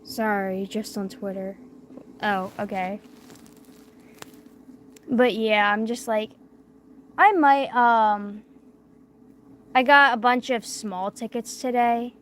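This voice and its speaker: A young woman, fresh from wisdom teeth surgery, talks through a barely opened mouth during a casual late-night livestream. Her slightly high voice keeps a fairly even intonation, and she goes slowly with frequent pauses. She rambles, uses many fillers, and drifts quiet.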